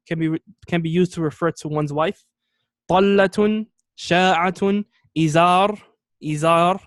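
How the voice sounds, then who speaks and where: In a somewhat high voice, a man teaches a class on Arabic words step by step, pronouncing key terms slowly, repeating them, and often asking "okay?" to make sure students follow. The audio is close and dry, with no room echo.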